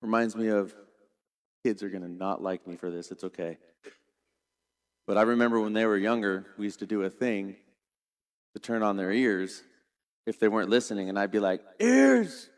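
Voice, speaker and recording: A middle-aged man preaching a sermon, retelling a scripture story dramatically and shifting between quiet and loud. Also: on the low side, fairly even intonation, normal speed, pauses often. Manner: dramatic storytelling preacher, varies volume widely. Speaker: pastor.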